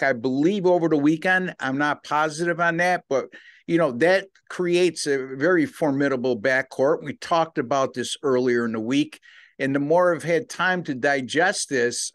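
A man's voice: a little high, no room sound, clean studio sound. A man co-hosting a sports betting podcast, talking casually with plenty of fillers and easy agreement. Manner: conversational, filler-heavy, agreeable.

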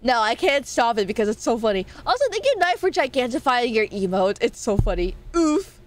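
A woman's voice: a little high, sing-song, brisk, slight background noise. A woman streamer chatting with her viewers in a playful, teasing way, often breaking into laughs. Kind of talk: casual live-stream chat.

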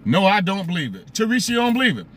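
A man's voice: high voice, sing-song, rapid-fire, a bit bright, a little hiss or hum. A man hosting a live stream, talking casually, greeting viewers by name and asking them rhetorical questions.

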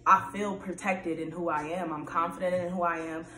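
A young woman with a lowish voice vlogs at normal speed in an echoey room, with faint music in the background. Her candid, casual monologue rambles with lots of fillers, and she laughs often, getting loud and animated when excited.

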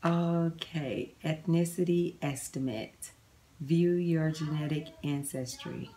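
A middle-aged woman vlogging to camera at home, chatting excitedly as she reads results off her computer. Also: low voice, takes it slowly, over music. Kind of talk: casual vlog to camera.

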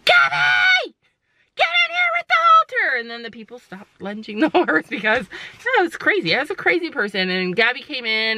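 A woman's voice: fairly high pitch, sharp tone, dry recording, poor audio. A middle-aged woman vlogging, rambling and sighing as she talks herself through a bad day, critical of herself. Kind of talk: casual vlog confession.

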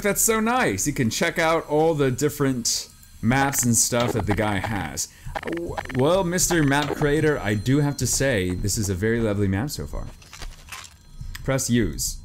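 Man, horror game commentary, very lively swooping pitch, jumpy and excitable, noisy recording. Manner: jumpy and excitable, lots of repeated exclamations. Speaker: gameplay commentator.

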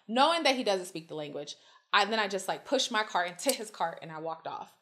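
A woman guest telling stories in casual chat, animated and swearing freely as she acts out quotes. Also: medium pitch, fairly quick, a little hiss or hum. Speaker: podcast guest.

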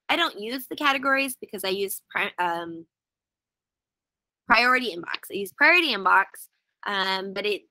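Bright-voiced woman teaching a webinar. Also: medium pitch, dry recording, rough recording. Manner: chatty, wry, explains step by step. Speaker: educator running a webinar. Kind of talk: casual webinar tutorial. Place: outdoors.

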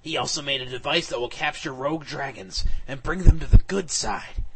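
A man giving a comic, mock-dramatic reading of fan fiction, sometimes bursting into shouts. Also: mid-range voice, fairly quick. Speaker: reader.

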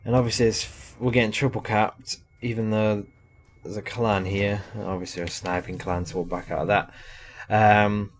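A man's voice: lowish voice, flat delivery, moderate pace, a little hiss or hum. A young man giving casual, rambling live commentary over a shooter game, chatty and self-deprecating. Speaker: gaming commentator.

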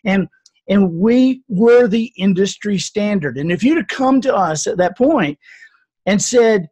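Casting: older male author, husky, unhurried storyteller in an interview. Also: high voice, expressive, darkish tone. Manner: earnest, reflective storyteller. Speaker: author and speaker.

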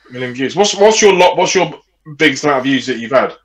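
A man's voice: medium pitch, animated, fast, low-quality recording. A man co-hosting a casual podcast chat, jokey and playful. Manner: playful, jokey, slips into voices. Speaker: podcast co-host.

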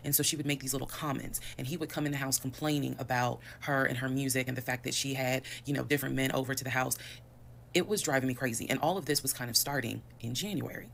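Fast-talking gravelly woman. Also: a bass voice, a little hiss or hum. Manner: fast, animated, detailed retelling. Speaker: storyteller in a played video. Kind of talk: casual personal storytelling.

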